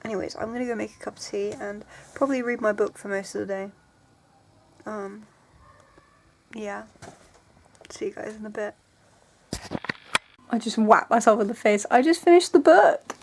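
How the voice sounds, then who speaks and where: Her mid-range voice flat and her pace normal with many pauses, a twenties book vlogger rambles emotionally while worn out and in pain. She leans on "like" and keeps restarting. A faint hiss or hum is audible.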